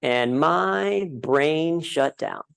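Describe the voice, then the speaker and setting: A man's voice: on the high side, animated, drawn-out words, creaky, a bit bright, clear, resonant tone, rough recording. Man telling jokes in a keynote speech. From United States. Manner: storytelling with self-deprecating jokes and frequent "right?"; addresses a live audience directly. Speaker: conference speaker. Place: conference hall.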